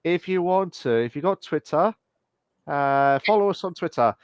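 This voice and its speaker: A man's voice: on the high side, normal speed, smooth, no room sound. Male co-host, easygoing rambling delivery, dry close-miked sound. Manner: rambling, thanks the chat often. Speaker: podcast co-host. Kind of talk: casual chat.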